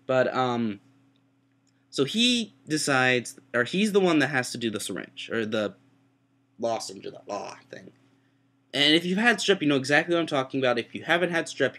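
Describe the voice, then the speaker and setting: A young man who is sick with a sore throat tells a rambling, self-mocking story into his webcam, breaking into high-pitched voices for quotes. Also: sharp tone. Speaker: vlogger. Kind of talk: casual storytelling.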